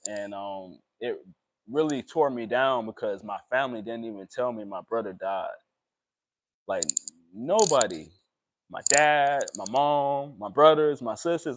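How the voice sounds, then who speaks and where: A young man, talking emotionally and haltingly in a personal vlog, with many pauses and fillers. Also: mid-range voice, animated, slight background noise. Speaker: vlogger.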